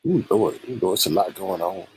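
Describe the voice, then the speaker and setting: A man's voice: sits low, fairly quick, slight background noise, poor audio. A man hosting a live-stream gossip commentary show, teasing and exclaiming as he greets the chat and runs through the night's topics. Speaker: host.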